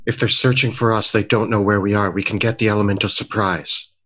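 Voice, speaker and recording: A man's voice: lowish voice, steady tone, fairly quick, bright, forceful tone. A man voicing a male adventurer who urges his companion to hide and wait for an ambush. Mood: urgent.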